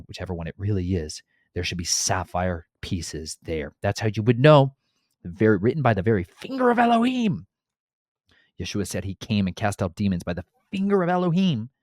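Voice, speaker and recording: Male Bible teacher, low voice, animated and slangy, dry recording. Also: dry recording. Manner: animated, slangy, exasperated storyteller. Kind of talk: casual Bible teaching podcast.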